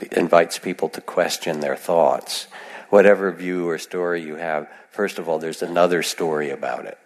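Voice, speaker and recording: A low-voiced man with a gravelly edge gives a gentle, unhurried dharma talk. He speaks in a conversational way, full of asides to his listeners. His voice rings with the long reverb of a large hall. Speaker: meditation teacher. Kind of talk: dharma talk to a live audience.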